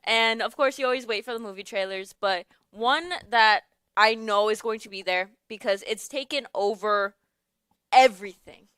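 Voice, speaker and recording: Chatting casually on her studio radio show, a young woman laughs often and sometimes hunts for words. She speaks at a moderate pace in a voice on the high side, fairly bright and smooth, and the studio microphone recording is dry.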